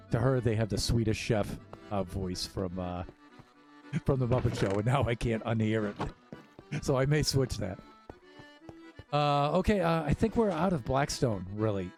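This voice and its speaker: A man's voice: lowish voice, darkish tone. A man casually talking through his building as he streams a game, thinking aloud with many fillers. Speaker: Minecraft streamer.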